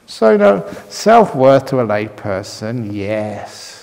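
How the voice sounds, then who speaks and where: A man's voice: mid-range voice, big pitch swings, slow, creaky, darkish tone, in a large hall. A man teaching at a meditation retreat, answering questions in a humorous, playful way and laughing often. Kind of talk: dharma talk answering questions. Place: retreat hall with long reverb.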